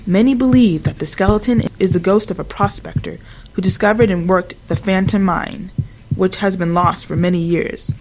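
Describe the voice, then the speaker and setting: A woman giving an even, measured scripted narration of a desert ghost legend. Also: medium pitch, poor audio.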